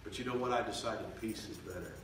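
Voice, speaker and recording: A man preaching a revival sermon, swelling loud and slow for emphasis, then dropping to quiet, confiding tones. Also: fairly low pitch, a little hiss or hum. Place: church sanctuary. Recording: echoey church from far off.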